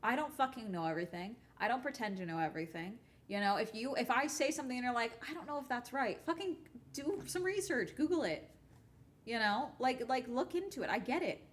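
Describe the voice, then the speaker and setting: A woman's voice: a little high, expressive, a little fast. A young adult woman YouTuber chatting casually on a live stream while gaming, ranting bluntly and swearing often.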